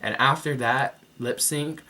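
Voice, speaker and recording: A man's voice: medium pitch, fairly even intonation, measured pace, bright, forceful tone. Young guy doing a chatty tv recap, very casual, lots of like and you know. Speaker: TV review vlogger. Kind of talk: casual chat.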